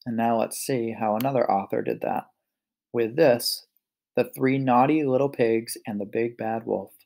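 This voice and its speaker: A man reading a picture book aloud, with relaxed, chatty asides between stories. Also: medium pitch, normal speed, creaky. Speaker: storyteller.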